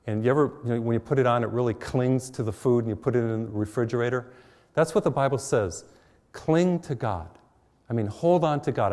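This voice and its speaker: A man's voice: medium pitch, darkish tone, in a large hall. A middle-aged man, a priest, giving a conversational televised sermon full of personal stories, recorded in a church. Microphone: mic while facing cameras.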